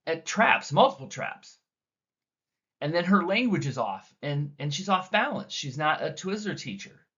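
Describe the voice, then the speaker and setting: A slightly high-voiced man gives a teacher training talk in a lively, animated way. He acts out the dialogue he quotes, jumping in pitch and loudness. The recording is muffled and lo-fi. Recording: dull lo-fi recording.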